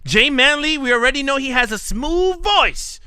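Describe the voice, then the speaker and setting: A man hosts a casual podcast in a high, bright voice. His pitch swings all over the place as he laughs often and slips into impressions of callers. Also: expressive, normal speed, dry recording, studio quality. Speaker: podcast host. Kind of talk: casual chat.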